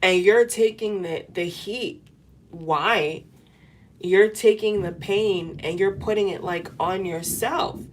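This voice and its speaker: A woman's voice: medium pitch, slow, slight background noise. A woman giving a tarot reading to camera, talking in an earnest, repetitive, coaching way. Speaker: tarot reader.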